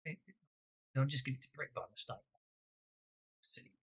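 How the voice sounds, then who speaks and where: Running an online tabletop game, a game master chats with plenty of fillers and mutters to himself while fixing the software. His voice is medium in pitch, steady, slightly rough, and moves at a normal speed.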